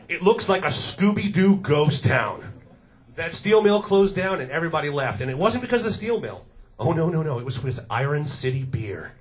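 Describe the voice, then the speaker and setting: A young man performing a stand-up comedy set, delivering crude, sardonic punchlines and putting on mock voices. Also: sits high. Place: comedy club stage. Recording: club set with loud crowd laughter. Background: audience laughing.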